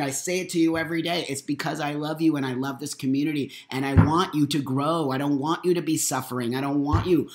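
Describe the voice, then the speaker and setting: A middle-aged man hosting a live morning talk stream from his home, boisterous, blunt and profane, repeating his points for force. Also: a little high. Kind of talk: unscripted live monologue. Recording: roomy echo.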